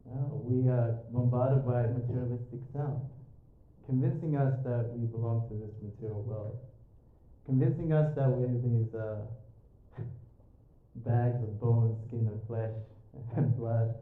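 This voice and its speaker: An Australian man with a mid-range voice gives a jokey, chatty spiritual talk to a yoga studio audience, speaking at a measured pace with fairly even intonation. His lecture, peppered with fillers and banter with listeners, sounds echoey and tinny, like a phone.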